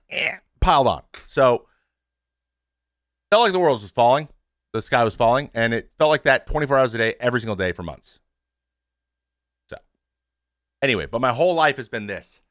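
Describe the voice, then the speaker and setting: A man in his thirties talks openly to his stream audience in a plain, mid-pitched voice. He swears freely and restarts his sentences often. The sound is dry and close, with no room around it. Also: expressive, moderate pace, pauses often, fairly bright tone, dry recording. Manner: frank and conversational, with restarts and swearing. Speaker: show host, former pitcher. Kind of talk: candid casual talk to a stream audience.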